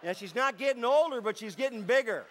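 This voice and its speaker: A man doing stand-up comedy, telling stories on stage to a live audience in a playful, chatty way with deadpan asides. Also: very high-pitched, fast talker, noisy background.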